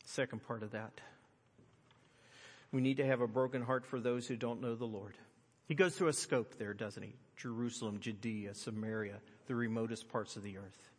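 Man, middle-aged pastor, sermon, loud high peaks then quiet earnest stretches, medium pitch, long hall reverb. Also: fairly even intonation, normal speed. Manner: preaching with surges to loud, high emphasis, then dropping to quiet earnest tones.

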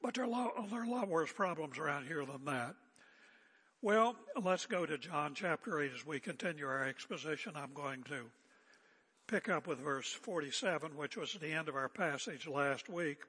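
Older guy preaching, bright husky voice, chatty and emphatic, big echoey church hall. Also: a little high, lively intonation, moderate pace. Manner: conversational, emphatic, joking asides. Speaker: pastor. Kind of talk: expository sermon.

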